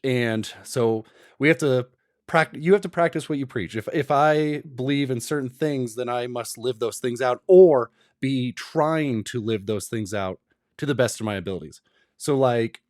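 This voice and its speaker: A man's voice: medium pitch, a little mellow, dry recording. Man ranting on a dry mic. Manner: ranting, emphatic, rambling. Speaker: commentary vlogger. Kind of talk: opinionated commentary.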